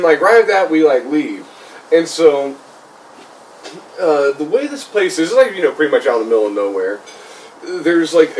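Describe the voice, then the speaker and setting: A young podcast host with a fairly high, slightly mellow voice tells a comedic ghost story, rambling and saying "like" constantly. The mic is a bit distant, with faint background noise.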